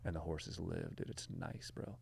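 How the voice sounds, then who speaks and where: A man's voice: low voice, fairly even intonation, measured pace, vocal fry, darkish tone, husky. A man hosting a podcast, telling a history story in a rambling, slangy, casual way full of fillers. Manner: rambling, filler-heavy, slangy, says dude and bro.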